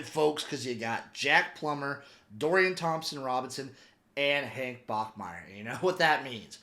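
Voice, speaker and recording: A man giving casual, opinionated sports commentary as a podcaster, rambling with animated asides. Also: mid-range voice, slow pace. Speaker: football podcaster.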